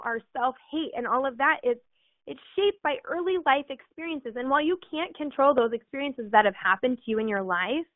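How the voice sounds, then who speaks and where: A woman's voice: high-pitched, no room sound. Earnest woman speaker, tinny sound. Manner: earnest, storytelling, with fillers. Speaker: motivational speaker. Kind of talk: motivational talk.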